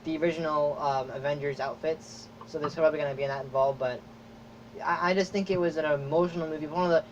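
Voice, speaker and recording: A man hosting a podcast, chatting casually and excitedly, rambling with lots of fillers and acted-out reactions. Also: on the high side, quick pace. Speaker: podcast host. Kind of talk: casual chat. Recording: dull lo-fi audio with faint noise.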